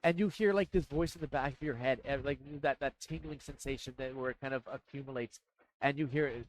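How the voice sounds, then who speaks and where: A man narrating as dungeon master, talking in a halting way with many fillers and restarts. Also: medium pitch, rough recording. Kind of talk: narrating a tabletop game.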